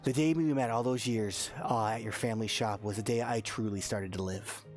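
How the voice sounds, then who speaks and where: A man's voice: fairly low pitch, fairly even intonation, brisk, faint music behind, lightly acted. A man voicing a devoted, centuries-old woman bride who speaks tender, earnest vows in a tabletop role-play.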